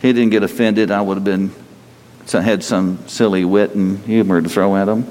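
A man preaching a sermon to a congregation, telling stories in an animated way and moving between loud bursts and quieter stretches. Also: lowish voice, drawn-out words, long pauses. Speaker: pastor. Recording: long hall reverb.

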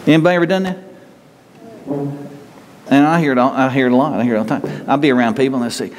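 A man's voice: mid-range voice, very fast, pauses often, in a large hall, slight background noise. A man pastor preaching a sermon in an earnest, conversational way, often repeating and restarting his words.

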